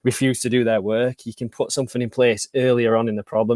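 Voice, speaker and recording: A man hosting a podcast, talking in a quick, emphatic way and repeating phrases for stress. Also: mid-range voice, flat delivery, a little mellow, no echo. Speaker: podcast host. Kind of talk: casual podcast chat.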